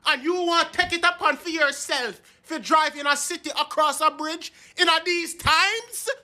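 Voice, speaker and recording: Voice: sits high, normal speed, pushed and bright. Someone playing an overprotective Jamaican parent. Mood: stern. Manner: stern, dramatic lecturing.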